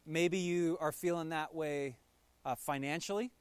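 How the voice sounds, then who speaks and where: A man preaching a conversational sermon as pastor, telling the story in a relaxed way with playful asides. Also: fairly high pitch, a little slow, clean tone, no echo.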